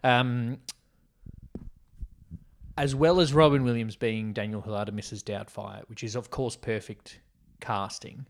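A man co-hosts a laid-back film podcast, musing out loud in a rambling way full of ums. His mid-range voice is gravelly and steady, a little slow, with frequent pauses.

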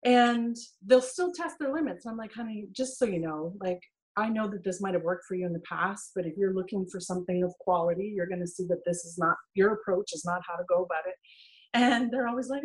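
A middle-aged woman in a casual interview, telling her stories in a lively way and acting out the quoted lines. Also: medium pitch, a little fast, low-quality recording. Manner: animated storytelling, acts out quoted dialogue. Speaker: guest, dating and healing coach.

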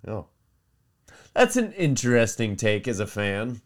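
A man hosting a podcast, chatting casually in an animated way, with frequent fillers and laughter. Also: on the low side, unhurried, pauses often. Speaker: podcast host. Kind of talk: casual rambling chat.

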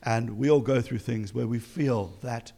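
A man's voice: mid-range voice, measured pace, gravelly, mellow. A man with a South African accent preaching an encouraging sermon as pastor, full of emphatic rhetorical questions.

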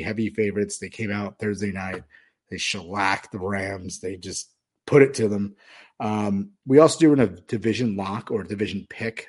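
A man's voice: on the low side, darkish tone. Rambling man talking football bets. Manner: rambling, many fillers and restarts. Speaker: podcast host. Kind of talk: casual sports betting talk.

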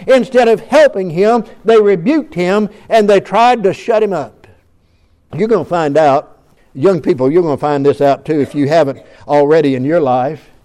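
A man preaching a sermon in a folksy way, building up to loud calls to his congregation. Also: high-pitched. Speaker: pastor.

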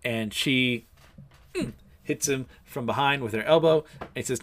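A man casually recapping an episode in a relaxed storytelling way, with frequent fillers. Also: medium pitch, measured pace. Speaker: show recapper.

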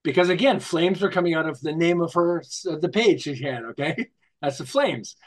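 A man with a fairly high voice tells stories as a guest in an interview. He is animated and acts out little scenes, jumping from joke to example and starting his sentences over as he talks. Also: moderate pace. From United States. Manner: rambling with restarts, tells jokes. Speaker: guest, marketing author. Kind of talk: storytelling interview.

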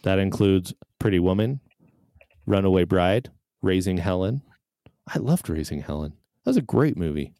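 A man's voice: low-pitched, animated, moderate pace, long pauses, mellow, no room sound, studio quality. A man co-hosting a casual podcast chat, reading out movie trivia and laughing often. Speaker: podcast co-host.

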